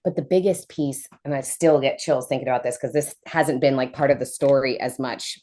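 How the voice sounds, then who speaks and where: A woman in her thirties, a podcast guest telling a personal story in a casual, animated way, acting out quoted voices. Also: a bass voice, a little fast. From United States.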